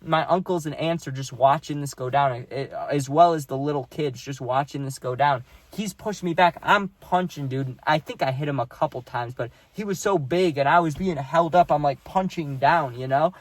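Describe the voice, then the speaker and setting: A young man tells a story straight to the listener, his voice sitting a bit high for a man. He talks casually and animatedly, peppering his sentences with "like" and "dude". The sound is dry and close, with no room around it. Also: normal speed, few pauses, dry recording. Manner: animated, heavy use of "dude" and "like".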